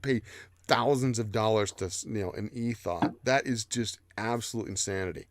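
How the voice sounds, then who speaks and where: A man's voice: lowish voice, moderate pace, no room sound. A man hosting a casual livestream, rambling loosely through the chat and cursing freely. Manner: rambling, loose and profane, reads chat aloud. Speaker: livestream host.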